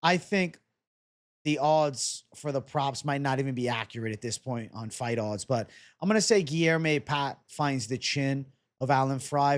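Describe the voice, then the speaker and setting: A young man casually breaking down fight predictions and betting odds on his own show, joking and swearing as he goes. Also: medium pitch. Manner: casual, fast-talking, swears and jokes. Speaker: MMA betting analyst.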